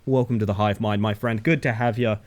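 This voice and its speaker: A man streaming a game live, chatting casually with his viewers in a playful, animated way and swearing freely. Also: fairly low pitch, fairly quick. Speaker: livestreamer. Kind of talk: casual chat while gaming live.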